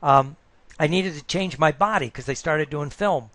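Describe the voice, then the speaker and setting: A man's voice: a little high, moderate pace, a bit bright, no room sound. A middle-aged man, a coach, telling a rambling story in casual talk and checking in with "right?" as he goes. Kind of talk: casual monologue.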